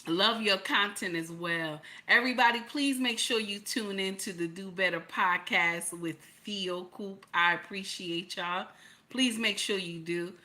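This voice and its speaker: A woman's voice: mid-range voice, a little slow, bright, forceful tone. A woman hosting a livestream, preaching in a blunt, colloquial way. She repeats her points and fires off rhetorical questions. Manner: emphatic, repeats lines and asks rhetorical questions. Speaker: livestream host.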